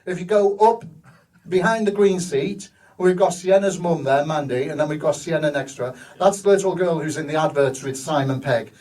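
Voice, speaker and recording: A man's voice: fairly high pitch, normal speed, darkish tone, recorded from a distance, low-quality recording. A man, a hospital cinema manager telling rambling, enthusiastic stories in a live stage interview. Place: live show venue.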